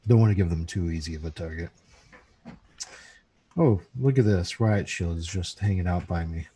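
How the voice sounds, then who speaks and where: A man's voice: low-pitched, moderate pace, mellow, a little hiss or hum. A man running a tabletop game, reading out event cards with dry humor in casual banter.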